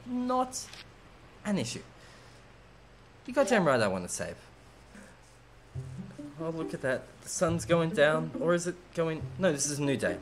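A slightly high-pitched male voice comes through with background noise and game music. He's a let's play streamer offering laid-back, jokey commentary and talking back to the characters.

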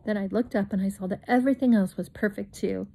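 Lady doing storytime read-aloud for kids, mellow soft voice, lively jumps up in pitch on the exciting bits, little asides to the listeners. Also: fast, gravelly, husky. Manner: expressive, with bright leaps in pitch on exciting words; chatty asides to young listeners. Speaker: storyteller reading a children's book aloud.

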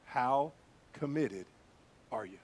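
A male pastor preaching a sermon in an animated, emphatic way, speaking straight to his congregation. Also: medium pitch, slow pace.

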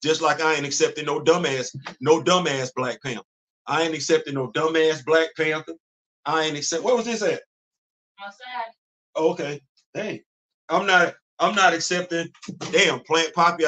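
A man's voice: a little high, moderate pace, pushed and bright. A man, hosting a casual livestream and talking in an emphatic, repetitive way, often laughing. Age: 50s. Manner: emphatic, preachy, repeats phrases, laughs often. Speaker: livestream host. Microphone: computer mic on a streaming setup.

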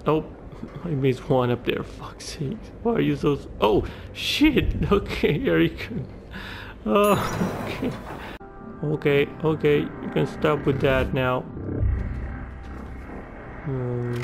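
A man narrates his gameplay in an unhurried, slightly high voice with a gravelly edge. He reacts to the game with plenty of swearing and exclamations. Game music plays clearly behind him. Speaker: gaming YouTuber. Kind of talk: let's play commentary.

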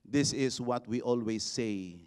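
A man, a bishop preaching a sermon, building to shouted exhortations and leading the congregation in call-and-response. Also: mid-range voice, unhurried, smooth. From Philippines.

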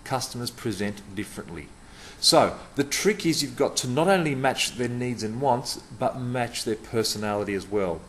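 A man's voice: mid-range voice, expressive, normal speed, fairly bright tone. Emphatic man talking to camera. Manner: emphatic, punchy phrasing with repeated words. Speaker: customer service speaker. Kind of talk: direct-to-camera talk.

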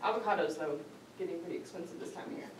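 A woman's voice: fairly low pitch, rapid-fire, background noise. A woman giving a prepared speech to a club audience, lighthearted and often laughing. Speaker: club speaker. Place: meeting hall with an audience. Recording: roomy hall, mic far off, audience audible.

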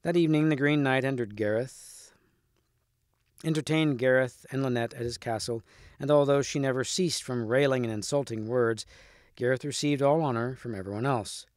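A man, a teacher, reading a storybook chapter aloud at a clear, steady pace. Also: medium pitch, normal speed, no room sound, studio quality.

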